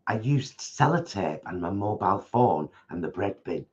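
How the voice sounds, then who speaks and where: A man's voice: sits low, expressive, normal speed, darkish tone, lo-fi sound. A man co-hosting a casual live food chat from his home kitchen, rambling and restarting his sentences. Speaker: co-host of a vegan food channel.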